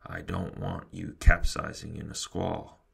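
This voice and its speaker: A man voicing a fussy grown man who owns a model schooner, indignant and bellowing, in a deep gravelly voice. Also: level tone, unhurried, fairly bright tone, heavily acted. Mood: stern.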